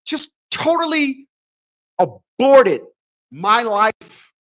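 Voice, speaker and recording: A man's voice: very high-pitched, sing-song, very slow, a bit bright. A man hosting a relationship advice show, delivering a preachy solo monologue full of repeated rhetorical questions and emphatic short phrases.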